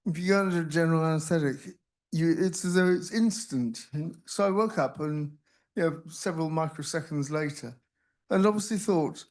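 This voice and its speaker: An older man on a panel telling stories about his treatment, halting and self-deprecating, with many restarts. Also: a little high, a little mellow. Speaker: panelist, researcher with Parkinson's. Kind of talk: casual anecdotal talk. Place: conference hall.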